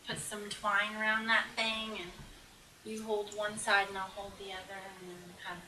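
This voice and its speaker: A woman's voice: mid-range voice, completely flat delivery, moderate pace, sharp tone. A young woman chatting casually as a bride-to-be guest, laughing easily and trailing off. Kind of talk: casual chat. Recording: echoey room, away from the mic, faint background hum.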